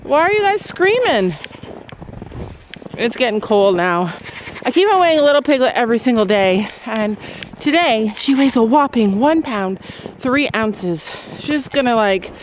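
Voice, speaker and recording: A woman's voice: sits high, expressive, a little slow, slight background noise. A woman in her thirties chatting and giggling to viewers while doing chores outdoors in a snowy farm pen, recorded on a handheld camera. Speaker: farm vlogger. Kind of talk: casual vlog chat.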